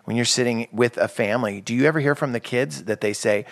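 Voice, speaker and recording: Man, podcast host, casual chat, mid pitch, self-interrupting. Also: fast, hardly any pauses.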